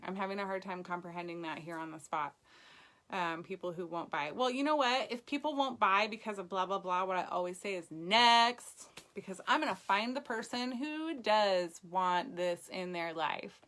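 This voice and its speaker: A woman's voice: medium pitch, fairly bright tone. A woman leading a direct-sales team, giving a chatty motivational live video talk with lots of ums. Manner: encouraging, chatty, frequent ums.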